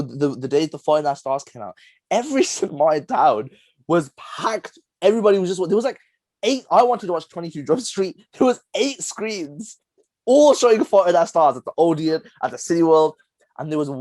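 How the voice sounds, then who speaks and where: A young man, co-hosting a casual podcast chat, rambling through animated stories with lots of laughter. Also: a little high, dry recording. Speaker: podcast co-host.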